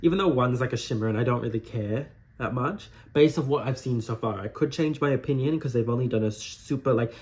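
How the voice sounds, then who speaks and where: A man's voice: medium pitch, brisk, darkish tone. A young man hosting an unedited drag makeup tutorial at home, chatting in a campy, rambling, gossipy way as he works. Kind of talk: casual chatty talk while doing makeup. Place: warm room at home.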